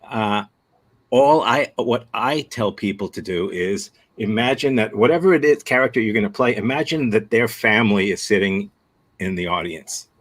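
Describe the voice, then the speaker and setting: An American man leading an improv workshop over video call answers a student's question thoughtfully and frankly, restarting haltingly many times. His voice is lowish and animated.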